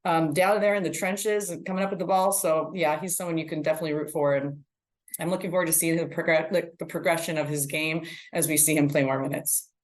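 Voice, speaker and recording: Lively woman co-host telling a story. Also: deep voice, brisk. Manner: animated storyteller, acts out quotes, laughs. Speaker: podcast co-host and team reporter. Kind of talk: casual chat.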